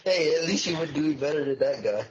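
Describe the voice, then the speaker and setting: A man's voice: a little high, lively intonation, brisk, highs cut off. A man from New Orleans giving blunt, dry verdicts in a casual review chat. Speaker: guest panelist.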